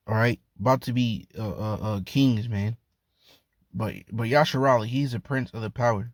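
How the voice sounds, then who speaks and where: A man's voice: medium pitch, moderate pace, no room sound. Slangy man preaching casually, dry sound. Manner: loose and slangy, repeats "man", laughs often. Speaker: Bible teacher. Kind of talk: casual street-talk preaching.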